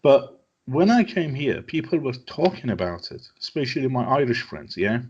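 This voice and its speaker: Man from iran, persian first language, husky, emphatic and repetitive, dull lo-fi audio. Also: medium pitch, sing-song, moderate pace, darkish tone. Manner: emphatic, broken English, repeats phrases. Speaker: guest. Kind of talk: conversational interview.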